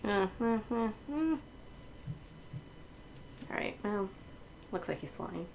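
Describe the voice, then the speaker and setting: A woman hosting a casual livestream, chatting while she decorates, laughing often and filling pauses with ums. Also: mid-range voice, big pitch swings, creaky, a little hiss or hum, low-quality recording. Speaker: livestream host.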